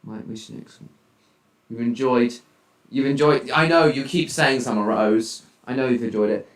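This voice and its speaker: A teenage boy live streaming from home, chatting casually and reacting out loud to his viewers' chat messages. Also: mid-range voice, moderate pace. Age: teens. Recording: roomy, distant mic.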